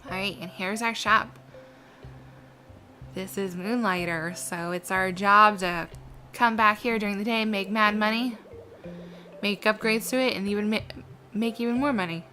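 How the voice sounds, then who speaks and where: A woman's voice: medium pitch, fairly even intonation, unhurried, pushed and bright, soft background music. A woman giving chatty, giggly commentary while playing a video game. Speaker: let's play gamer.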